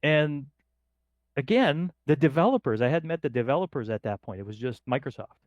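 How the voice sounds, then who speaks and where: A man's voice: medium pitch, fairly quick, no room sound, muffled recording. A middle-aged man from northern Canada, a podcast guest telling stories casually and acting out the voices of people in them. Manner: lively, acts out quoted voices in his anecdotes. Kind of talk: casual storytelling.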